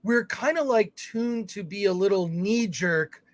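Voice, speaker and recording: A man's voice: sits high, unhurried, no echo. A man co-hosting a live film talk show, rambling through his points with many restarts and reading viewer comments aloud. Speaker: podcast co-host. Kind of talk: casual chat.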